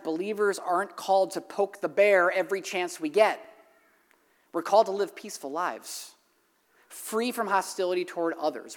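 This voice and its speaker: A pastor preaching a sermon with emphatic, animated storytelling, often repeating key phrases. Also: medium pitch. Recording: long reverb of a large hall.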